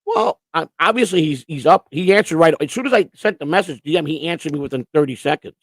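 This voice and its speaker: Man, stream host, gravelly, dry close sound, rambling, stammering restarts. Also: fairly high pitch, expressive, fast, no echo. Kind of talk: casual live-stream chat. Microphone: computer setup with earphones.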